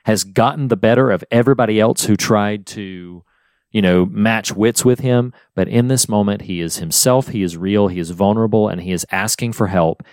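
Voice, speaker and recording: Earnest low-voiced man discussing a film. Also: moderate pace, darkish tone, no echo, clean studio sound. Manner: earnest, emotional, retells scenes at length. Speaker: podcast co-host.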